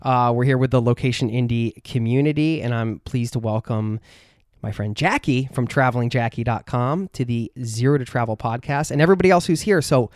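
A man's voice: mid-range voice, steady tone, normal speed, no echo, clean studio sound. A man hosting a travel podcast, talking in an earnest, heartfelt way with frequent fillers. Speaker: podcast host. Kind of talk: casual podcast chat.

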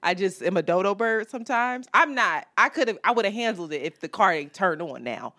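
A woman hosting a podcast, telling stories in an animated, profane, laugh-filled casual chat. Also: mid-range voice, moderate pace. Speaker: podcast host.

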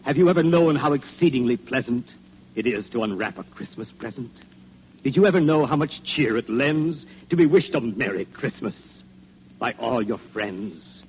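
An actor playing a patient, persuasive old Santa Claus, speaking calm, coaxing rhyming verse in 1940s radio acting. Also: male voice, mid-range voice, moderate pace, natural voice. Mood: wistful. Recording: dull, faintly hissy old radio recording.

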